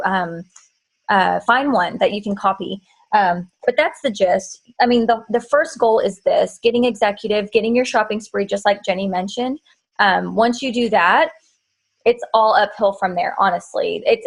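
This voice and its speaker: Woman host of a team training call, mid-pitched, direct and casual. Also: low-quality recording. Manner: direct, practical, with fillers. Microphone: video call.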